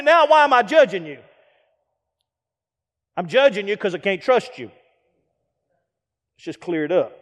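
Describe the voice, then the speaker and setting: Guest preacher, middle-aged man, high-pitched, lively delivery with mimicked voices, reverberant church hall. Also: unhurried, pauses often. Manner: animated preaching with acted-out asides and rhetorical questions. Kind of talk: sermon.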